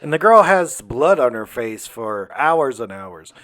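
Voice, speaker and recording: A man's voice: medium pitch, sing-song, unhurried, fairly bright tone. A man giving a crude, sarcastic, laid-back comedic recap of a horror movie, swearing freely.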